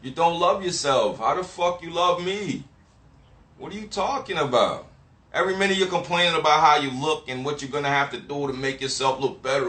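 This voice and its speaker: A man's voice: fairly high pitch, lively intonation, a little fast, pushed and bright. A man ranting to camera in a profane, emphatic, repetitive and preachy way. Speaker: vlogger. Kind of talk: profane casual rant. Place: Miami. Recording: echoey room.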